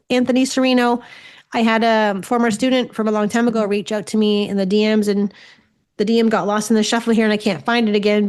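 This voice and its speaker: On a casual solo podcast, a woman from Ontario, Canada, talks in a medium-pitched, darkish voice. In her forties and working as a spiritual medium, she tells stories in a loose, chatty style and doesn't hold back on swearing.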